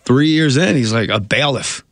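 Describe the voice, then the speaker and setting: Man, gravelly, casual interview storytelling, rambling, self-interrupting, dry sound. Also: mid-range voice, animated, moderate pace, no echo. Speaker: guest, comedian and actor.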